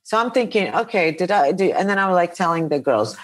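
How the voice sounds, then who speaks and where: A middle-aged woman hosting a podcast, casually retelling an annoying day in an animated, exasperated way. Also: fairly low pitch, a little fast. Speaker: podcast host. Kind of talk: casual chat, storytelling.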